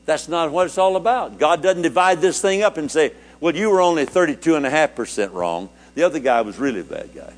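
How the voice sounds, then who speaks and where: An older man, a preacher, telling a personal story in a sermon, his voice climbing high with feeling and dropping low and quiet. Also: animated, a little fast, hardly any pauses.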